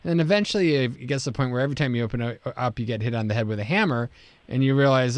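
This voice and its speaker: A man hosting a radio talk show, explaining ideas with a relaxed, drawn-out analogy. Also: medium pitch, no room sound. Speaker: radio host. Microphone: studio mic.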